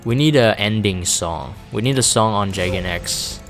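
On a relaxed live stream, a man with a fairly low voice talks at normal speed, reading viewer messages aloud and rambling laid-back with plenty of ums, fillers and restarts. Faint game music runs underneath.

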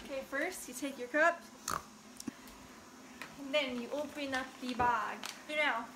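A woman's voice: sits high, a little slow, reverberant, noisy background. A woman chatting casually in a home vlog, playful and giggly, often slipping into joking fake accents. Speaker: vlogger. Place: home kitchen.

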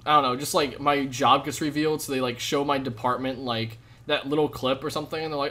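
A young man live-streaming a game, chatting with viewers in a jokey, rambling way with sudden loud outbursts. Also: medium pitch, quick pace. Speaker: gaming streamer. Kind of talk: live gameplay commentary with chat.

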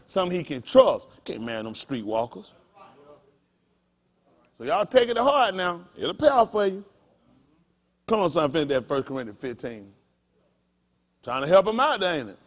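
A man, a pastor, preaching a sermon through folksy personal stories, shouting and laughing as he goes. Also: high voice. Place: congregation hall.

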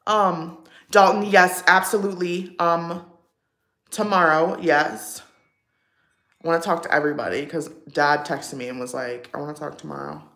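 A woman's voice: on the low side, steady tone, measured pace, sharp tone. Chatty young woman in an echoey room. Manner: chatty and rambling, lots of "like", answers chat. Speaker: livestream vlogger. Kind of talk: casual get-ready-with-me livestream chat.

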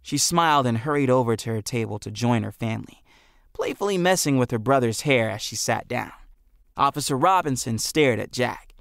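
A man reading an audiobook aloud as narrator, with expressive storytelling. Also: mid-range voice, moderate pace, gravelly, no echo, studio quality. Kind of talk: scripted narration.

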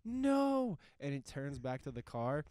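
A man's voice: lowish voice, moderate pace, a little mellow, no room sound. A young man in casual podcast chat, rambling with lots of fillers and acting out quotes from a movie he describes. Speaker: podcast host.

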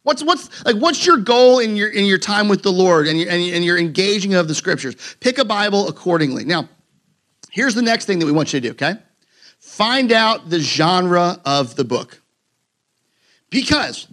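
A man's voice: high voice, a bit bright. A man preaching a sermon to his congregation in a casual, joking, conversational way, with many fillers and restarts. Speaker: pastor. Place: church sanctuary with a congregation.

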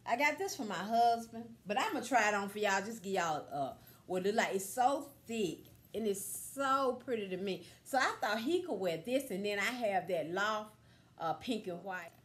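A middle-aged woman chatting casually to viewers about a thrift haul, straightforward and full of stories and exclamations. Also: medium pitch. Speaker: vlogger showing a thrift haul.

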